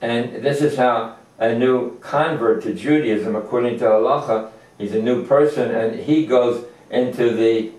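An older man giving an informal Torah lesson, halting often with fillers and restarts as he explains verses. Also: mid-range voice, darkish tone. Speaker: Torah teacher. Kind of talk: informal religious lecture. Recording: echoey room, distant mic.

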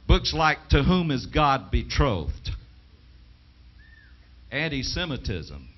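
A man's voice: medium pitch, big pitch swings, slow pace. Man preaching emphatically, dull lo-fi tape. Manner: emphatic, asks the audience rhetorical questions. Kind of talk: sermon with scripture reading. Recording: dull lo-fi 1980s television broadcast.

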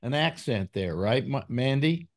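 A man's voice: medium pitch, lively intonation, unhurried. Rambling male talk show host. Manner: rambling, with many fillers and restarts. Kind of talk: casual panel chat.

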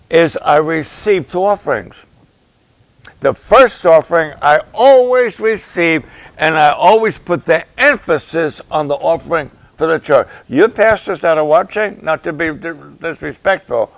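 A male pastor preaching to the camera, slow and emphatic, repeating key phrases for weight. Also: fairly high pitch, creaky, no echo. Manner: slow, deliberate, emphatic with repetitions.

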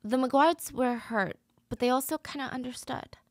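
A woman's voice: sits high, moderate pace, no room sound. A woman hosting a true crime podcast, telling the story in a chatty, conversational way. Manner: chatty, conversational, acts out quotes.

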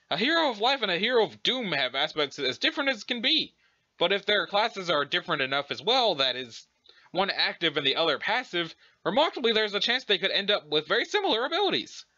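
A proper, formal young alien lady who picks her words with great care, voiced by a man in a webcomic reading, sitting high in pitch and swinging lively through her phrases. The tone is bright and forceful, and the recording sounds dull and lo-fi. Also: full character voice. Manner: prim, formal, fussily polite.

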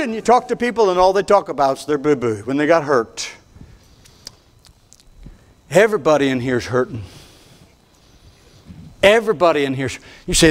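Older man, pastor preaching, high voice, folksy, fired-up, stumbles and repeats words. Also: sing-song, moderate pace, long pauses. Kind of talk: preaching a sermon. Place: church sanctuary at the pulpit.

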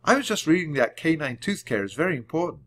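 A man's voice: a little high, big pitch swings, fast talker, a bit bright, pitched above the performer's own voice. A man voicing a careful, bookish young boy in a children's audiobook reading, earnest and sensible.

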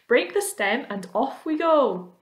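A woman voicing a kind and gentle female ladybird in a children's story, speaking in a soothing, reassuring way. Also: high voice, sing-song, slow pace, reverberant, voice pushed up, exaggerated voice. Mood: kindly.

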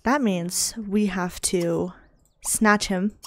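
A woman giving casual commentary over her life-sim gameplay, excitable and dramatic, gasping and laughing as she reacts. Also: medium pitch, very slow. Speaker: video game let's-play host.

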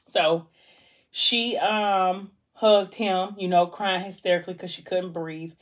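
Woman retelling a book story casually, slightly low voice, gets soft and emotional at the sad bits. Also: fairly even intonation, takes it slowly, pauses often. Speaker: vlog host discussing a book. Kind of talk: casual book chat while eating. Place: home.

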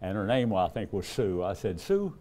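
A man's voice: deep voice, fairly quick, dark tone. An older man, an evangelist telling folksy stories in a sermon and acting out the dialogue. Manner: folksy, acts out dialogue in a raised voice, chuckles often. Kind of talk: storytelling sermon.

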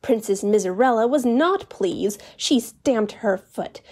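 Calm storytime reader, woman, mellow and unhurried. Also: fairly high pitch. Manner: calm, expressive read-aloud. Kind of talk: reading a children's story aloud.

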